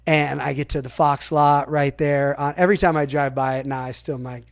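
Guy rambling thru a story on a podcast, voice a bit high, says like constantly, does everyone's lines. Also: a little fast, creaky. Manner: rambling, animated, packed with "like" fillers; acts out other people's lines in quotes. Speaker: podcast guest. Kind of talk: casual storytelling in an interview.

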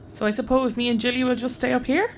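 An actress playing a sharp-tongued Irish first officer, dry and sarcastic. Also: female voice, high voice, flat delivery, quick pace, slight background noise. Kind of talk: audio comedy drama acting.

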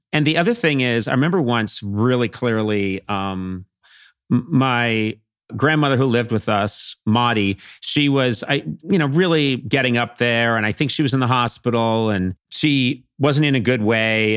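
A middle-aged man from Massachusetts, a podcast guest telling comic stories with animated, playful swings into character voices. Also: mid-range voice, a little slow, clean tone, dry recording, clean studio sound. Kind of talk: comic storytelling.

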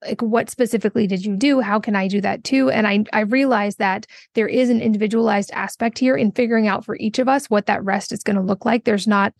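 A woman host on a podcast interview, thoughtful and fluent as she builds long, flowing questions. Her voice sits at a middle pitch and is recorded dry and close, with no room sound. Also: fairly even intonation, fairly quick, gravelly, hardly any pauses, no echo.

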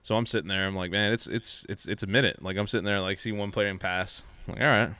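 Guy on a podcast telling a long travel story, animated, acts out what people said, smooth low voice. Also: fast, no room sound. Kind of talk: casual storytelling chat.

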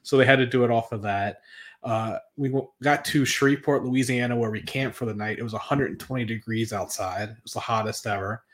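A man's voice: medium pitch, fairly quick. A man in his thirties, guest co-host on a podcast, telling stories in a rambling way with many fillers. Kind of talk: casual podcast chat.

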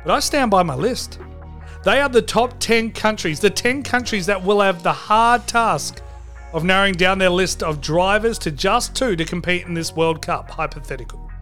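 Male podcast host, high and bright, goofy rambling monologue. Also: normal speed, faint music behind. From Australia. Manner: jokey, rambling, mock-dramatic. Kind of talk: comedic sports podcast monologue.

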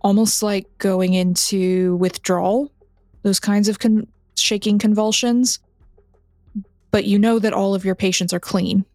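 Woman running a tabletop game, slow and steady, faint music behind. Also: medium pitch, no echo, studio quality. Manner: measured, descriptive narration. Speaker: game master.

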